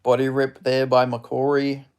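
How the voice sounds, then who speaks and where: A man's voice: mid-range voice, monotone, normal speed, clear, resonant tone. A young man hosting a live fight watch-along stream, chatting casually, reacting to strikes, reading viewer chat aloud and swearing freely.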